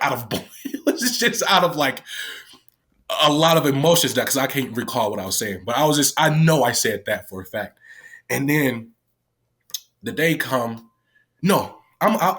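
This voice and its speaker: Medium in pitch and a bit bright, the former youth detention worker's voice carries a casual personal anecdote. As the guest, he gets candid and emotional, curses a lot, and acts out other people's lines.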